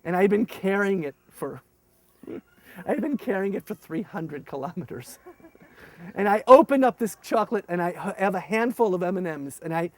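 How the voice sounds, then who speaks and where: High-voiced man telling a story. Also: moderate pace, no room sound. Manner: animated, acts out dialogue in raised voices. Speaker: former paratrooper officer. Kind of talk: storytelling testimony.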